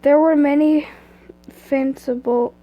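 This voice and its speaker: A woman's voice: high voice, fairly even intonation, takes it slowly, dull audio. Young woman reading fan fiction aloud. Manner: casual, stumbles and breaks off into asides. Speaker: reader. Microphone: phone or computer mic.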